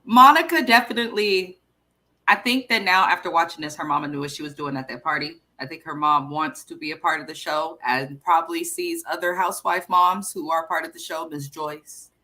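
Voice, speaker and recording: Woman, co-host, casual commentary, bright voice, chatty. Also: sits low, fairly quick. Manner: chatty, thinks out loud with fillers like "like".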